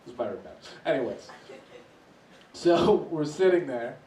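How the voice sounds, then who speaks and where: A man doing stand-up comedy, telling a story in an animated way and often laughing as he talks. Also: fairly high pitch, unhurried. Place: comedy club stage. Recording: echoey room, mic heard from a distance, faint noise.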